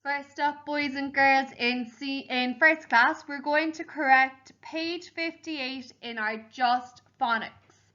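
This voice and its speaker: Slow woman teacher. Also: sits high, bright, forceful tone, dull audio. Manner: slow, clear spelling-out of syllables and letters. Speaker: primary school teacher. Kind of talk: home learning phonics lesson.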